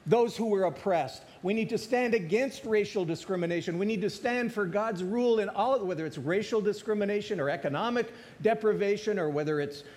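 A man with a high voice preaching to his congregation. He repeats his key phrases and drives them home with rising force. He slows down on the words he wants to land. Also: a little mellow. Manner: preaching with rising emphasis and repetition. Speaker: pastor. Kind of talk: sermon.

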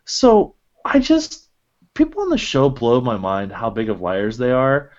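A young man holds forth on a podcast, worked up and swearing as he mocks the people he is describing. His voice sits at an ordinary pitch, and the recording is a bit dull and lo-fi. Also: moderate pace. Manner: animated, profane ranting with mimicking quotes. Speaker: podcast co-host. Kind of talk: casual chat.

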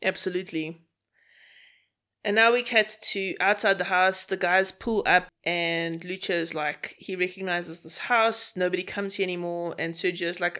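A woman with a slightly low voice retells the plot in a steady, casual way. She moves through the story scene by scene. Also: normal speed. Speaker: podcast co-host. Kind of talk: casual chat, narrating plot.

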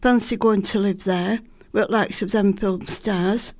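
A woman's voice: medium pitch, fairly even intonation, unhurried, dry recording, studio quality, close to an everyday voice. A woman with a Lancashire accent voicing a stern, practical working-class mother who scolds her son down to earth. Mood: scolding.

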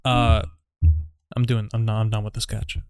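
A man co-writing a comedy sketch in casual chat, animated and acting out lines as he goes. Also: on the low side, normal speed, clean tone, no echo, clean studio sound. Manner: animated, acts out lines, laughs often. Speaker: sketch co-writer. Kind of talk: casual script workshop chat.

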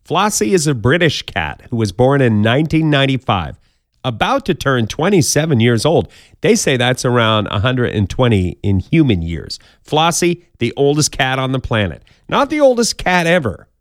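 A man's voice: mid-range voice, very animated, moderate pace, no room sound, studio quality. A man hosting a podcast, counting down odd news stories in a casual, jokey way with playful asides. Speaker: podcast host.

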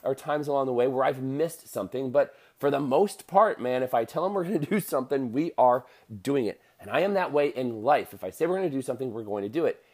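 A man's voice: medium pitch, lively intonation, fast talker, few pauses, darkish tone. A man in his thirties giving a casual motivational monologue to listeners, rambling with many fillers and restarts.

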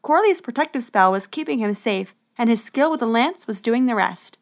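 A woman narrates a storybook adventure with a steady, expressive delivery. Her voice sits a touch high for a woman, and she keeps the story moving evenly. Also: moderate pace.

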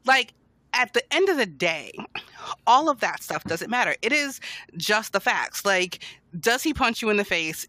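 A woman's voice: medium pitch, big pitch swings, measured pace, sharp tone, no room sound. A woman co-hosting a podcast, speaking bluntly and expressively in casual chat, laughing often. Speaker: podcast co-host.

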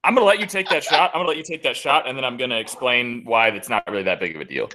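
A young man co-hosting a podcast, talking in an animated way in casual chat. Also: mid-range voice, very fast, slight background noise. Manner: animated, swings up and down. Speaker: podcast co-host.

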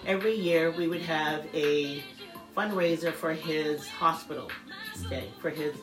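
A middle-aged woman, somewhat low-pitched for a woman, tells her story in a chatty interview. She acts out what others said in livelier voices. The room around her rings, and music plays underneath. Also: measured pace, roomy sound, rough recording. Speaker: guest sharing a personal story.

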